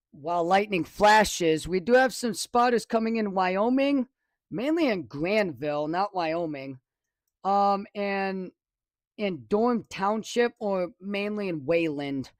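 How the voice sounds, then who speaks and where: A man's voice: sits high, slow pace, dry recording. A man from the casually commenting on a live weather stream from his home studio, rambling and correcting himself as he goes. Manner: rambling, self-correcting, excitable. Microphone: desk microphone, close.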